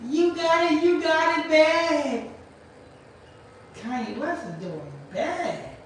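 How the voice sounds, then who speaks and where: Woman host, high voice, loud rambling rant, echoey room, far from mic. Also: animated, takes it slowly, a little hiss or hum. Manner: loud, rambling, repeats herself, questions a voice assistant. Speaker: channel host. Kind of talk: ranting commentary stream.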